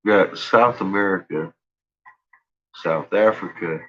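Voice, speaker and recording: A man with a low voice talks in a loose, rambling way on his livestream, swearing freely and breaking into laughter. The audio is muffled and lo-fi. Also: unhurried. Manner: profane, laughs often, ranting. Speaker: livestream host. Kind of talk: casual rambling livestream talk.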